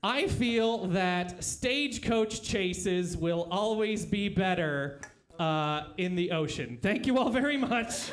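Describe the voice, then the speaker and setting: A man doing comedy as a debater in a live club, crude punchlines with shouted bits. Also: high voice, expressive, slow pace.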